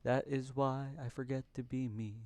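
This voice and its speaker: A man's voice: mid-range voice, steady tone, moderate pace, warm tone. A young man hosting a casual live coding stream at his home computer desk, chatty and muttering to himself, with jokey broken-English asides. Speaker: livestream host coding.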